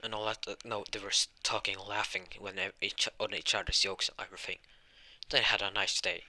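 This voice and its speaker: A man telling an improvised fan story, rambling and halting, with frequent restarts. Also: lowish voice, level tone, bright, forceful tone.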